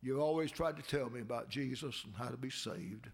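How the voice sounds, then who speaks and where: A frightened, dying old plantation master, as a preacher puts him on in a sermon story speaks weak, low and hushed. He drops at times into a whisper. The voice is gravelly. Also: brisk.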